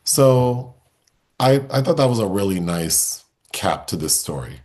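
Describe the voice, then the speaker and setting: Deep-voiced man casually recapping a film. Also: unhurried. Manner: relaxed, recounts plot step by step. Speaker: podcast co-host, film reviewer. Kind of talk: casual conversational film review.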